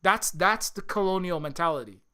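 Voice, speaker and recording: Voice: mid-range voice, moderate pace, bright, forceful tone, clear, resonant tone. A host from Hawaii giving an impassioned political commentary monologue, swearing often, restarting sentences and asking "right?" again and again. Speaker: channel host.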